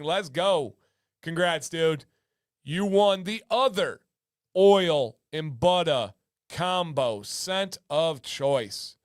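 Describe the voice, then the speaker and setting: A man's voice: fairly high pitch, clean tone, no echo, studio quality. A man hosting a livestream giveaway, playfully hyping up viewers, reading chat names aloud and breaking into sing-song chants. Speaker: livestream host.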